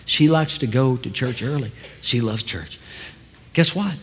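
Older pastor preaching in a reverberant church. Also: male voice, mid-range voice, measured pace, slight background noise. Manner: storytelling, swings from quiet asides to loud preaching. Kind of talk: sermon. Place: large church hall.

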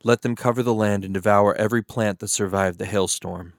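Solemn divine voice read by a man in a Bible reading; low, dry studio sound. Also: steady tone, a little fast, dry recording, lightly acted. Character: God speaking, solemn and commanding.

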